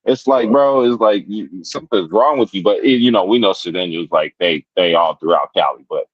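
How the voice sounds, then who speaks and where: A man's voice: sits low, animated, brisk, slightly rough, no echo, dull audio. A man telling a story in casual chat, rambling, with many restarts and fillers. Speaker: podcast guest.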